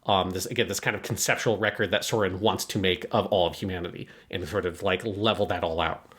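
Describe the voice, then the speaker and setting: A man's voice: deep voice, fairly even intonation, fairly quick, fairly bright tone. A man co-hosting an anime review podcast, explaining story concepts at length in a loose, filler-heavy way. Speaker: podcast co-host. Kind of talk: casual analytical discussion.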